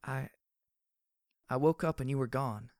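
A man's voice: mid-range voice, a little slow, no room sound, studio quality, voice pushed up, close to an everyday voice. A man voicing a timid young pegasus mare. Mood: fragile, quiet. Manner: soft, quiet, hesitant. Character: young female pegasus pony, timid and fragile. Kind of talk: audiobook character voice.

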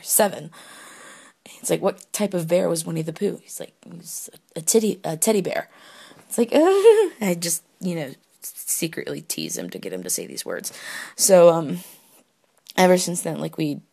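A woman's voice: low-pitched, gravelly, a little mellow. A young woman chatting candidly into her phone, rambling and giggly with lots of fillers. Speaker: solo podcaster answering question prompts. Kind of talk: casual candid chat.

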